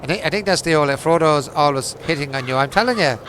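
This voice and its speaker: A man's voice: fairly high pitch, animated, fast talker, a bit bright, a little hiss or hum. A man hosting a livestream of a farming game, chatting casually with his viewers and teasing them in jokey banter, laughing often and swearing freely. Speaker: livestream host. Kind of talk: casual chat while playing a farming game.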